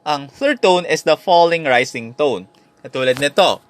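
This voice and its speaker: A man's voice: a little high, animated, normal speed, dry recording. Filipino man teaching tones, dry sound. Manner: switches between Tagalog and English, demonstrates tones by repeating syllables. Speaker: language teacher. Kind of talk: recorded lesson.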